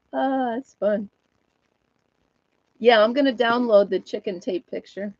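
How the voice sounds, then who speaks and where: A woman's voice: fairly high pitch, slow, a little mellow, no room sound, muffled recording. A woman hosting a casual live chat from home, laughing often and talking to viewers and her dog. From United States. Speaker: host of a live chat stream.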